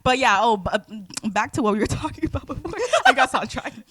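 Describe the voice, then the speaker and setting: A woman's voice: fairly high pitch, animated, fast, a bit bright, dry recording. A woman in her twenties from Georgia in the United States, co-hosting a casual podcast chat and telling stories dramatically with acted-out quotes. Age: 20s. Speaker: podcast co-host.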